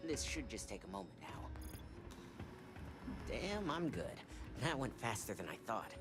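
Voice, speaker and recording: A man's voice: medium pitch, very animated, measured pace. An actor playing a smug, self-assured male hacker contact in a video game. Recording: game audio with loud music behind. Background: game music.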